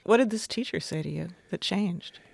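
Woman interviewer with a gravelly voice. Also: medium pitch, moderate pace, darkish tone, no room sound. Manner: probing, thoughtful. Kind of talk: interview questions.

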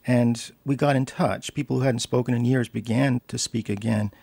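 Gravelly older man reading his memoir. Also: mid-range voice, steady tone, moderate pace, dark tone, dry recording. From United States. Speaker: author and professor of English. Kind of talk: reading his memoir aloud and interview answers.

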